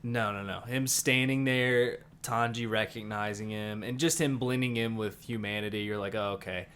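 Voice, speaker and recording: A man co-hosts a laid-back podcast, jumping in with short reactions and questions. His voice sits somewhat low, and he talks in a casual, offhand way. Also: fairly even intonation, a bit bright, smooth. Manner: reactive, quick interjections. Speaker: podcast co-host. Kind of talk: casual chat.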